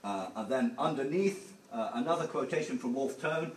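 A man's voice: medium pitch, lively intonation, a little hiss or hum, poor audio. Man lecturing with many filler sounds. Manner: halting, many fillers and restarts, explains simply for learners. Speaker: teacher. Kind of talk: classroom history lecture.

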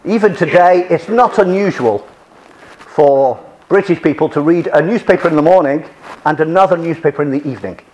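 A man's voice: on the high side, fairly quick, a little mellow, highs cut off, slight background noise. A man giving a classroom lecture with slides, chatty, often repeating and restarting his phrases.

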